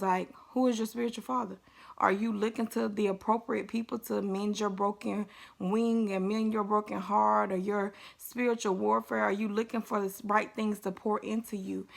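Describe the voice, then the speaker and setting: Chatty young woman with a gravelly edge. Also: mid-range voice, a bit bright. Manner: chatty, upbeat, playful asides with laughs. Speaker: faith vlogger. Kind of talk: casual devotional talk.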